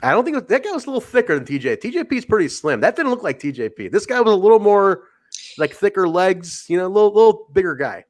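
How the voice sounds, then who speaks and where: Man from the midwest, podcast host, sarcastic banter, slightly higher voice. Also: fast. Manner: sarcastic, animated banter with laughs. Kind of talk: casual wrestling podcast chat.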